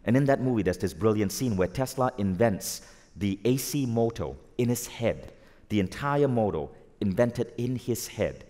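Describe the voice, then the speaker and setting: A man giving a live motivational talk to an audience, energetic and asking the crowd questions. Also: fairly low pitch, moderate pace. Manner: energetic, asks the audience questions, acts out quoted voices. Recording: long hall reverb.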